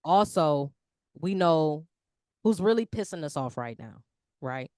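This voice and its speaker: Woman co-host, animated casual sports talk, slangy, dry close sound. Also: deep voice, unhurried, no echo. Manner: animated, slangy, lively talk about basketball. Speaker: podcast co-host.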